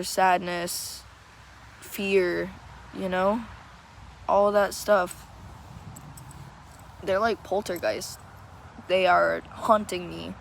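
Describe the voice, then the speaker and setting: A teenage girl pours out her feelings in a slow, unhurried confessional, pausing often to find her words. Her voice sits in a gravelly vocal fry, with a faint hiss of noise behind it. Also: on the low side, rough recording. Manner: halting, searching for words, tearful. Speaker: vlogger. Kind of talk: emotional personal confession.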